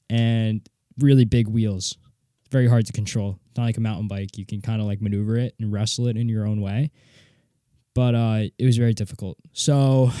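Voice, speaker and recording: A young man hosting a solo podcast, telling a story in a rambling, animated way, swearing casually, from a home studio. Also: medium pitch, clear, resonant tone, no room sound. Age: young adult. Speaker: podcast host. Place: home studio with guitar and mixing board.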